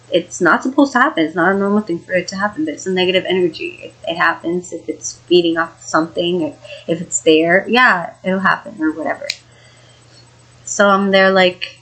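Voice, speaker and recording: A woman's voice: lowish voice, a bit bright, slightly rough, rough recording. Young woman rambling through a scary story. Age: young adult. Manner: rambling, repetitive, with fillers and swearing. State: shaken, emotional. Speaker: vlogger. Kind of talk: casual storytelling.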